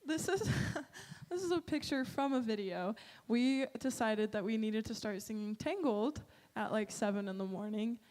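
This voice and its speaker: A woman speaks about her photos in a bubbly, giggly manner, with a fairly high voice. The sound carries the long reverb of a church sanctuary. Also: animated, moderate pace, few pauses, darkish tone. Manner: bubbly, giggly, uses "like" and "literally". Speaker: mission trip presenter. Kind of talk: casual slideshow presentation.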